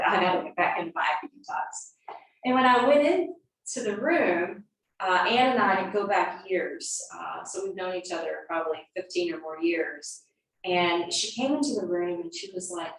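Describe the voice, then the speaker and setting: A woman's voice: lowish voice, vocal fry, a bit bright. Middle-aged woman yoga teacher, casual rambling dharma talk full of ums; heard from across a very echoey studio. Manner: chatty, meandering, with frequent ums and uhs. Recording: echoey studio from a distance, faint noise.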